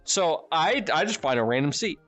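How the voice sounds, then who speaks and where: An American man telling his stream viewers a casual story, animated and profane, laughing often. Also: fairly high pitch, moderate pace, faint music behind. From United States. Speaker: streamer and channel host.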